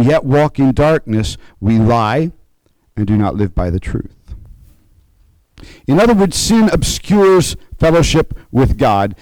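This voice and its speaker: A man preaching a conversational sermon, slowing and rising to stress key points and checking in with his listeners. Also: mid-range voice, darkish tone, no room sound, poor audio. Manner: conversational preaching, frequent "okay?" check-ins. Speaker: pastor.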